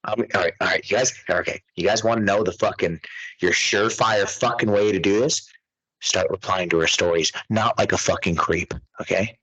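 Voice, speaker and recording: A man's voice: low voice, steady tone, moderate pace, a bit bright, poor audio. A man co-hosting a podcast, talking casually in a profane, ranting way. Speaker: podcast co-host.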